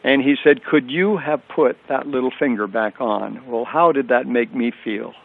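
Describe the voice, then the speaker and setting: An older man tells a personal faith story as a radio guest, earnest and repeating phrases for emphasis. His voice sits at an ordinary pitch for a man. It comes through a thin, tinny phone line. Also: moderate pace, vocal fry.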